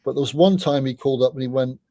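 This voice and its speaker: A middle-aged man, a podcast guest, telling anecdotes in a chatty way, often restarting his sentences and dropping in quick asides. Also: mid-range voice, warm tone, no echo. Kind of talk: casual anecdotal storytelling.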